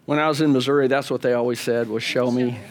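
A man's voice: mid-range voice, fairly even intonation, rapid-fire. A man preaching a sermon in a conversational way, often asking the congregation rhetorical questions. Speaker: pastor.

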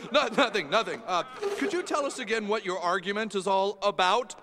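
A cartoon interviewer, voiced by a man, barely holds back his laughter. His fairly high voice rings through an echoey hall with a crowd murmuring. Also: normal speed, lightly acted. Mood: amused. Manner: stifling laughter, mock-polite.

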